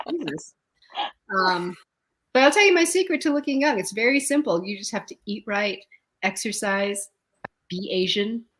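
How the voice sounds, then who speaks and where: A woman in her fifties doing a stand-up set, telling stories with deadpan punchlines and laughing often. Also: fairly high pitch, slow pace, pauses often, breathy edge, poor audio. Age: 50s. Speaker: stand-up comedian. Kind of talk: stand-up set, casual storytelling.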